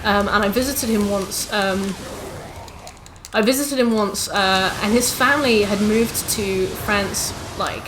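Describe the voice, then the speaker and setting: With a medium-pitched voice and a noisy background, a young woman from England games on stream and chats casually with viewers. She's ranty and sweary, making quick asides to her chat.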